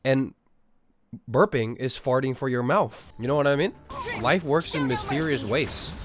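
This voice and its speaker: Lively, profane young streamer man. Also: fairly high pitch. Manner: animated, profane, reacting to chat. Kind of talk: casual chat reading viewer messages.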